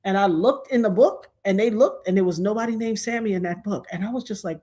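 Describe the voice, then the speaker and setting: A middle-aged woman telling a personal story in a casual, animated way, acting out the other people's lines as she goes. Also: a little high, a little fast. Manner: animated, acts out quoted dialogue.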